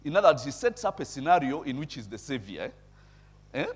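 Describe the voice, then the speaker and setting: A man preaching a sermon, reading scripture and explaining it in a conversational way, checking in with listeners and chuckling at his own points, with loud emphatic bursts. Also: medium pitch, very animated, fast talker, breathy edge. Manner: conversational, tags remarks with "eh?". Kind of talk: sermon with bible reading and commentary.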